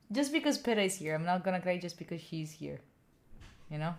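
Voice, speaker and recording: An Italian study streamer, whose first language is Italian, chats casually and playfully with her viewers, rambling and often laughing at herself. Her voice is fairly low, expressive and a little mellow, and she talks a little fast.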